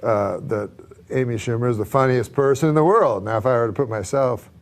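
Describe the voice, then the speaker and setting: A man, a comedian, answering interview questions with dry, hesitant deadpan delivery. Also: medium pitch, a little fast. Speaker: comedian guest.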